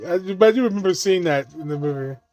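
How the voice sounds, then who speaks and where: A man's voice: high-pitched, quick pace, darkish tone. A man giving casual watch-along commentary on a movie, laughing often and swearing freely as he riffs jokes.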